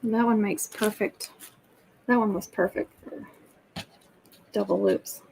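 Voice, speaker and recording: A woman's voice: mid-range voice, fairly even intonation, slow, creaky, a little mellow, a little hiss or hum, poor audio. A woman with a Southern American accent, chatting casually to viewers while she crafts on a livestream.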